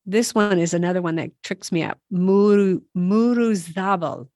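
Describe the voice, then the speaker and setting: A woman's voice: on the low side, normal speed, mellow, no echo, studio quality. A woman who is a native English speaker hosting a podcast language lesson, upbeat and self-deprecating as she prompts each word. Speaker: podcast host.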